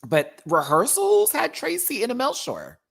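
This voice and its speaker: A man's voice: very high-pitched, measured pace, gravelly. An American man hosting his own channel, reviewing a show in a casual live-stream rant, sassy and jokey. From United States. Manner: animated, sassy, jokey, with laughs.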